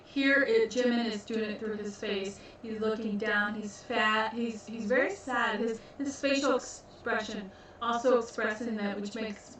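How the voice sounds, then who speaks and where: A woman's voice: medium pitch, fairly even intonation, moderate pace, hardly any pauses, a bit bright, a little hiss or hum. A woman reacting to a music video, explaining at length and gushing with enthusiasm. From United States. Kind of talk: casual reaction commentary. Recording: echoey room, distant mic, music behind. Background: music playing.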